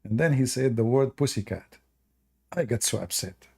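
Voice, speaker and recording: A man's voice: medium pitch, normal speed, creaky, a little mellow, breathy edge. A man hosting a talk, casually telling a funny personal anecdote in loose, non-native phrasing and chuckling often. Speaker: host.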